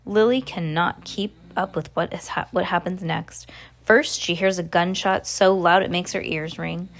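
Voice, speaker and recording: A woman's voice: fairly low pitch, moderate pace. A woman reading a ghost story aloud expressively, dropping in casual asides. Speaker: storybook reader.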